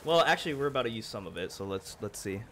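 A man's voice: medium pitch, lively intonation, fast talker, a bit bright. A man streaming a video game, talking to his chat in a rambling, profane way, heated and then apologetic. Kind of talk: live-stream chat while gaming.

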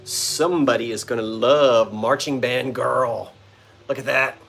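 A man's voice: medium pitch, steady tone, unhurried, creaky, fairly bright tone, faint music behind. A man hosting a vintage-goods live stream from a house's front porch, chatting playfully and joking with his viewers. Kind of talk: casual live-stream chat. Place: front porch of an old bungalow at sunset.

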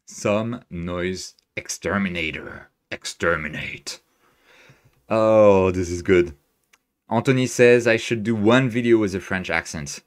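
A man with a deep voice and a hard-to-place accent talks casually through a live stream at his desk. He sounds excitable, laughs easily and often restarts his sentences. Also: slow pace. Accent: hard-to-place, non-native English. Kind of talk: casual live-stream commentary while editing.

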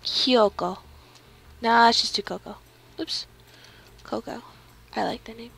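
A woman giving casual, excitable commentary while playing a life-sim game, giggling and reading on-screen text aloud. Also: fairly high pitch, slow pace, vocal fry, husky. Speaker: let's play gamer. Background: faint game music.

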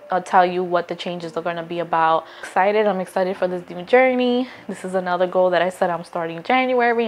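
A woman talking straight to her phone camera in a casual, earnest vlog, encouraging viewers and often stopping to restart a thought. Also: mid-range voice. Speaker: vlogger. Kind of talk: casual motivational talk to camera.

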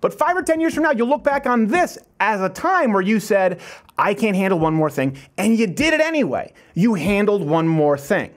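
A male talk show host giving an emphatic pep talk. His voice sits high for a man and swings widely in pitch as he drives home his points on a studio mic. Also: sing-song, normal speed, hardly any pauses. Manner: emphatic, pep-talk delivery with repeated phrases. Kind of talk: motivational monologue.

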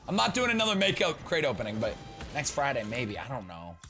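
A young man giving casual, rambling gaming commentary as a YouTuber, joking with viewers and breaking into loud playful outbursts. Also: mid-range voice, wildly swooping pitch, brisk, music in the background.

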